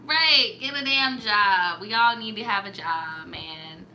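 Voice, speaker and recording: Bright-voiced young woman giving blunt advice. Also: medium pitch, takes it slowly, few pauses, a little hiss or hum. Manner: blunt, profane, animated reactions. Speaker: storytime advice host. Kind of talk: casual storytime chat.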